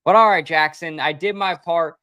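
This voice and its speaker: A man's voice: fairly high pitch, normal speed, sharp tone, clear, resonant tone, no echo. A man co-hosting a casual sports podcast, emphatic and opinionated. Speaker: podcast co-host.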